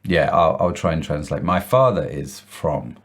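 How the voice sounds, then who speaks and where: A man's voice: rumbling low, normal speed, slightly rough. A man hosting a podcast over a video call, bantering and joking, with lots of "uh" hesitations. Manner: warm joking banter, many "uh" fillers. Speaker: podcast host. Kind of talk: casual video-call chat.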